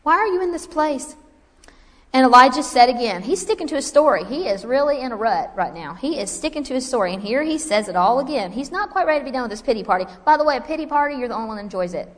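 A woman's voice: a little high, very fast, hardly any pauses. Woman preaching in a reverberant hall. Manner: animated, conversational preaching with asides to the audience. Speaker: Bible teacher. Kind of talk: sermon.

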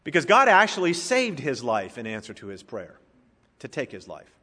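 A man preaching a sermon as pastor, moving from soft asides to loud, emphatic lines. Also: medium pitch, wildly swooping pitch, moderate pace, long reverb tail.

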